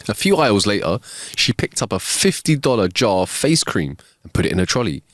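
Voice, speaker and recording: Male co-host, wildly lively delivery, joke teller, dry studio mic. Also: brisk, dry recording. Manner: very animated, swoops into high voices for quoted characters. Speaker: podcast co-host. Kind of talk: casual chat and joke telling. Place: small home studio. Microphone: wireless clip-on mic.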